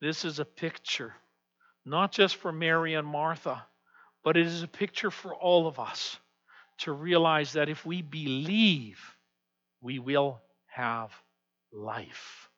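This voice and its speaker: A man preaching a sermon as pastor, swinging from hushed, quiet passages to loud, emphatic declarations. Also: fairly high pitch, a little slow. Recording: dull lo-fi sound with long hall reverb.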